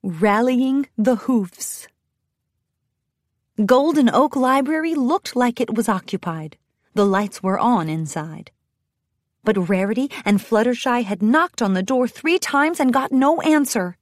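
A woman narrating a children's storybook in a bright, expressive reading. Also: on the high side, unhurried, dry recording, clean studio sound.

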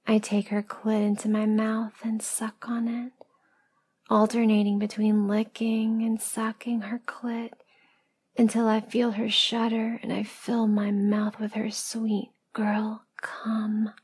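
A woman narrating a first-person story as a whispered role-play, in a slow, hushed storytelling manner. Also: fairly high pitch, completely flat delivery, breathy edge. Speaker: erotic audio narrator.

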